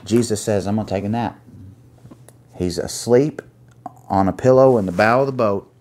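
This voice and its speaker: A man preaching an earnest sermon, pausing to find his place and reading scripture aloud. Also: on the low side, a little mellow. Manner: earnest, reads scripture aloud with pauses while finding pages.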